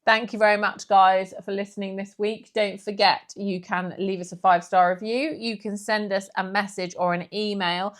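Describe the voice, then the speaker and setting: A woman co-hosting a podcast in casual chat. She tells her stories in a chatty, animated way, and her voice sits at a medium pitch. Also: moderate pace, hardly any pauses. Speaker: podcast co-host.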